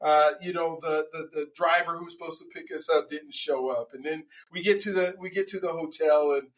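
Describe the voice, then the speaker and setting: A man's voice: fairly high pitch, steady tone, fairly quick, low-quality recording. A man answering interview questions as a guest speaker, telling stories with many fillers and restarts.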